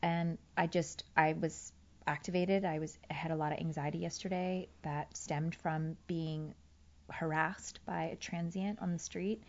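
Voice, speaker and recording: A woman's voice: low voice, steady tone, a little slow, highs cut off. A woman candidly recounting a fight with her partner, acting out both sides of the conversations. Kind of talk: candid personal storytelling.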